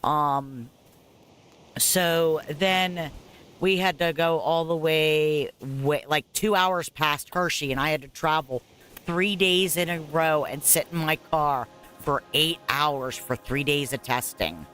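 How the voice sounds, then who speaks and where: Speaking slowly in a low, fairly bright and clean voice, a mother in her forties shares a lengthy personal story while gameplay runs. She's candid and meandering, leaning on fillers, side remarks and "blah, blah, blah," as faint music plays in the background.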